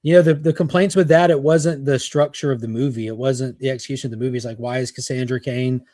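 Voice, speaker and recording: An opinionated man on a casual pop culture panel, talking bluntly and cursing easily. His voice is mid-pitched and sits dry and close, with little room sound. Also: steady tone, quick pace, dark tone, no echo. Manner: opinionated, swearing freely.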